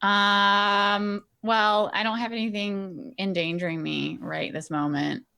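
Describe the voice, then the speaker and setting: A woman's voice: medium pitch, fairly even intonation, slow pace, vocal fry, bright, forceful tone, clean tone. A woman playing in a tabletop game, speaking hesitantly with many fillers and a wry edge. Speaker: player. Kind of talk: casual tabletop game play.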